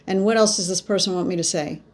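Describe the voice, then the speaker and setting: A woman's voice: on the low side, quick pace. A woman psychic reader talking viewers through a card reading, musing aloud as she lays out cards. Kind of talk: spoken tarot reading to viewers.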